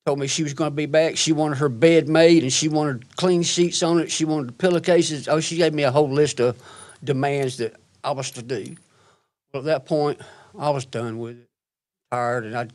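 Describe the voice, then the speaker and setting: A man giving courtroom testimony in a halting, plain-spoken way, recounting events step by step. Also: mid-range voice.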